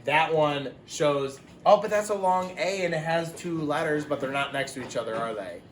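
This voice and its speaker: A man teaching a phonics lesson to young children, patient and slow, repeating each word. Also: fairly high pitch, reverberant. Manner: patient, explains words slowly and repeats them.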